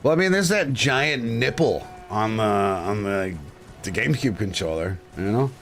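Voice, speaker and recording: A man's voice: fairly low pitch, lively intonation, normal speed, a bit bright, soft background music. A man streaming live and chatting casually with his viewers, blunt and crude, joking and ranting. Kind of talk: casual livestream chat.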